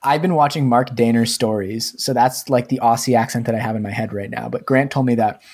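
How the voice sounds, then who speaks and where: A man's voice: medium pitch, steady tone, a little fast, a little mellow, slightly rough. A man co-hosting a podcast, chatting casually in a hesitant, self-deprecating way. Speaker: podcast co-host.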